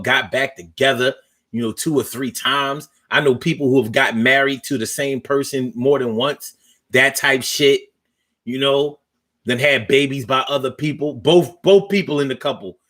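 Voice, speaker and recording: A man hosting a casual, profane storytelling monologue in loose conversational talk, with pauses as he searches for words. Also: medium pitch, a bit bright.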